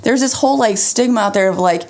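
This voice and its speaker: A woman's voice: medium pitch, fast, a little mellow. A woman in her thirties co-hosting a podcast, talking candidly in a rambling, chatty way. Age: 30s. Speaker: podcast co-host. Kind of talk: casual chat.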